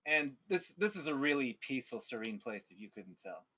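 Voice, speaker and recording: A man narrating a tabletop game as game master, telling the scene in an animated way. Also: mid-range voice, brisk, breathy edge. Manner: animated storytelling. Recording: tinny phone-like stream audio.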